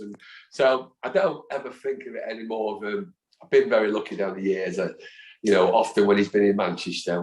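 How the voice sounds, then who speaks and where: A man in his fifties, a guest in a casual interview, telling animated anecdotes and acting out the voices of people he quotes. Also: fairly low pitch. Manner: animated storyteller who acts out quoted voices. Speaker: guest, football fan. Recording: echoey room.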